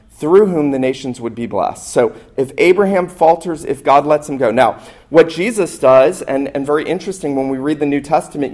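A man's voice: fairly high pitch, a little mellow. A man preaching a sermon as pastor, earnest and emphatic, asking and answering rhetorical questions.

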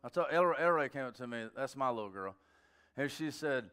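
A middle-aged male pastor delivers an informal sermon at a fast clip and medium pitch. He tells stories conversationally, breaking into sudden bursts of excitement.

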